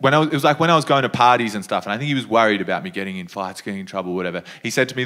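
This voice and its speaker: A man's voice: fairly low pitch, very fast, few pauses, a bit bright. A young man with an Australian accent doing laid-back stand-up storytelling on stage. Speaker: stand-up comedian.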